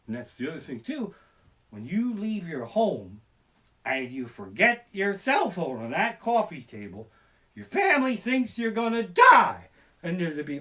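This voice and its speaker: A man ranting through a profane stand-up story, talking fast and jumping into panicked shouted voices. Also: fairly high pitch, very animated. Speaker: comedian. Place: living room. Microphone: basic home streaming setup.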